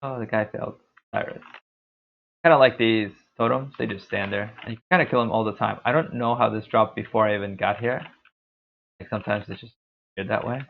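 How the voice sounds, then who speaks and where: A man talks his way through a game he is streaming live, rambling and chatty with plenty of filler words. His voice sits low with a gravelly fry. The sound is tinny and narrow, like it is coming down a phone line. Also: steady tone, brisk, a little hiss or hum. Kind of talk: casual live gameplay commentary.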